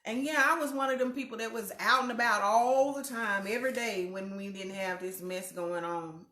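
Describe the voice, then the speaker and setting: A woman's voice: medium pitch, bright, forceful tone, echoey room. A woman hosting a casual weekly live chat from her living room, greeting viewers by name as they join. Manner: chatty, greets viewers by name, slow and drawn out.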